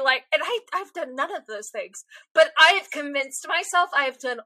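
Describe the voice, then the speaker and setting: A young woman co-hosting a podcast, chatting casually in an animated, rambling, self-deprecating way. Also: sits high, normal speed, no room sound. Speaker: podcast co-host. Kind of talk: casual chat.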